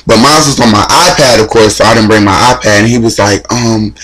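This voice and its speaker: Excitable young man telling a story. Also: fairly quick, few pauses, a crowd in the background, low-quality recording. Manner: animated, voice jumps high when retelling his reactions; heavy use of "like" and casual fillers. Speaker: vlogger.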